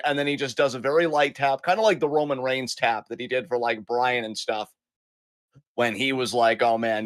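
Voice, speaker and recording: Man, podcast co-host, rambling casual talk, dry close sound, mid pitch. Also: fairly bright tone, no echo. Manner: rambling, self-correcting, chatty. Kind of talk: casual chat.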